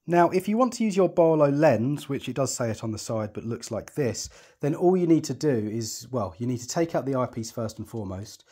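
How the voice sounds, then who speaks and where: A man's voice: medium pitch, lively intonation, a little fast, hardly any pauses, warm tone, husky. A man explaining telescope setup step by step while he works, chatty and reassuring, often thinking aloud. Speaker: telescope tutorial presenter. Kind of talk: hands-on setup tutorial.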